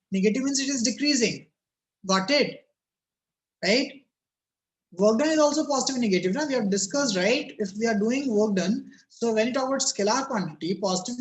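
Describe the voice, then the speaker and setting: Man teaching physics on a call. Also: very high-pitched. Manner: keeps asking students "yes or no?" and "think about it". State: voice cracking and lagging on the call. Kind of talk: online class teaching. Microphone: video call.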